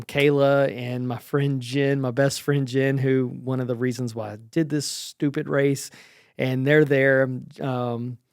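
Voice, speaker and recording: A man's voice: mid-range voice, vocal fry, a little mellow, no room sound. Chatty man in his forties, dry close sound. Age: 40s. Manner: chatty, self-deprecating, lots of ums and restarts. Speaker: vlogger recapping his race. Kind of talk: casual spoken recap.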